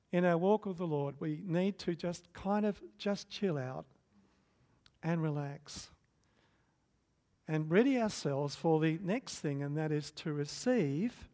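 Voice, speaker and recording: A middle-aged man preaching a sermon as pastor, swinging from loud emphatic bursts to soft hushed stretches. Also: on the high side.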